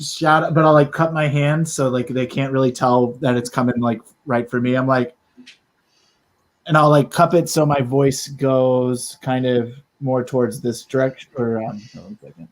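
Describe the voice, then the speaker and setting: A man's voice: medium pitch, measured pace. A man playing a tabletop game, explaining his moves in a rambling way full of fillers. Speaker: player. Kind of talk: casual tabletop play.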